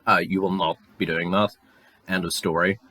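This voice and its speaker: A man's voice: deep voice, little pitch movement, normal speed, no room sound. A young Northern Irish man ranting alone on his podcast, sarcastic and sweary, his voice climbing when he gets heated. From Northern Ireland. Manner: angry, sweary, sarcastic, rising to near shouts. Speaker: podcast host. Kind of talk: solo rant.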